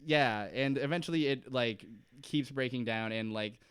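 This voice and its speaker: A man's voice: mid-range voice, normal speed, clear, resonant tone, no echo, studio quality. A man co-hosting a podcast, casually recapping a TV episode, laughing often and swearing freely. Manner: laughing, swearing, retelling scenes. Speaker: podcast co-host.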